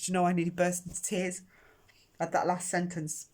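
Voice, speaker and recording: A woman's voice: on the low side, monotone, a little fast, a little mellow. A woman hosting a casual tarot reading to camera, chatty and emotional as she talks directly to her viewers, recorded indoors on a camera microphone. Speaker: tarot reader and channel host.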